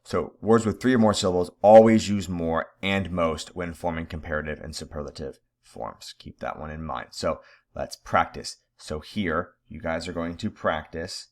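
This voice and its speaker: A man with a very low voice teaches a recorded grammar lesson. He talks to his students in a casual, direct way. He laughs off his own typos as he goes. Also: unhurried, darkish tone.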